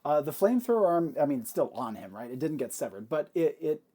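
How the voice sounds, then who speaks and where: A man running a tabletop game, describing the action in a fairly high voice. He narrates the scene at length, often pausing on small fillers as he thinks. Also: big pitch swings, warm tone. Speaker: game master.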